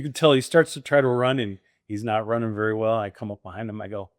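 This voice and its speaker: A middle-aged American man, a former military pilot and franchise owner, is a guest in a conversational storytelling interview. He speaks fast and low with hardly any pauses, animated, laughing often and acting out what others said. The audio is dry, studio-quality sound.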